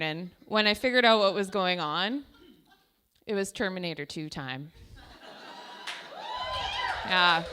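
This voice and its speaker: A woman's voice: fairly low pitch, bright, forceful tone, a little hiss or hum. A young adult woman telling self-deprecating stand-up stories in a chatty way, full of "like". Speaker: stand-up comedian. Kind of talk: stand-up comedy storytelling. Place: small comedy show stage.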